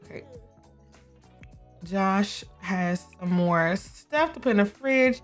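A woman's voice: medium pitch, takes it slowly. A young woman keeps up a chatty commentary as she plays, coaxing her characters along and laughing easily. Her voice sits in a middle range, with light game music faintly under it. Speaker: gameplay streamer. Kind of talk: casual gameplay commentary.

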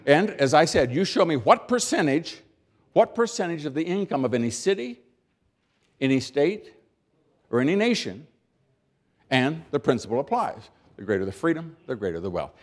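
A man's voice: fairly high pitch, big pitch swings. Folksy older American man giving a keynote. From United States. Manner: folksy storytelling, acting out little scenes; emphatic pauses, repeats and restarts words. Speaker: keynote speaker. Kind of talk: keynote speech.

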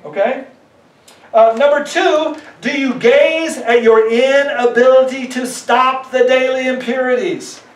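A high-voiced man preaches as a pastor, talking to his congregation in a loose, conversational way and slipping into quoted voices to make his points. He is recorded from a distance in a roomy, echoing church. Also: fairly even intonation, unhurried. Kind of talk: sermon. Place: church sanctuary.

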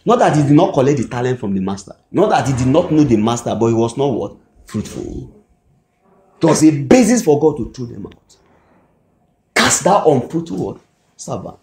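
Nigerian preacher in an echoey hall. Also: male voice, mid-range voice, sing-song, normal speed, a little mellow. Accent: Nigerian English. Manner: call-and-response, asks the congregation "what?" to fill in words. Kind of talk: sermon. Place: church hall.

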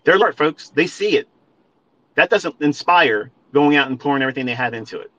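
A man's voice: on the high side, lively intonation, a little fast, sharp tone, muffled recording. A man ranting at listeners on a live audio stream, profane and emphatic, repeating his points and calling them folks. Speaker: trading educator.

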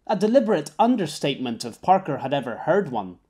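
A man narrating an audiobook in a steady, wry storytelling manner. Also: a little high, fast, husky. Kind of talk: scripted narration.

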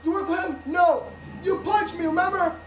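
A woman improvises a toy play, hopping between several character voices and breaking into shouts. Her voice sits very high, and the recording carries a roomy echo with faint noise underneath. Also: normal speed. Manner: switches voices, bursts into shouts. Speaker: home video creator. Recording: echoey room with faint background noise.

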